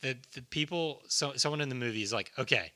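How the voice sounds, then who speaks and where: Bright-voiced man, loose and joking. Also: medium pitch, fast. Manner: loose, swears a lot, jokey comparisons. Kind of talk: casual movie discussion.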